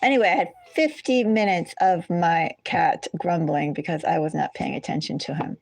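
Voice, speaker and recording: A woman's voice: fairly low pitch, normal speed, vocal fry, no echo. A woman hosting a tarot reading, talking in a casual, rambling way that drifts into side stories and corrects itself as she goes. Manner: rambling, digressive, self-correcting. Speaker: tarot reader. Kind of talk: casual chatty astrology reading.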